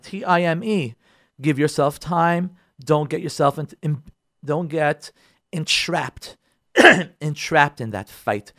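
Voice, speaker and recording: A man teaching a marriage advice class as a rabbi, pleading with his listeners, repeating his points and swinging between loud bursts and quiet asides. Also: mid-range voice, no echo, clean studio sound. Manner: emphatic and repetitive, pleading with listeners directly.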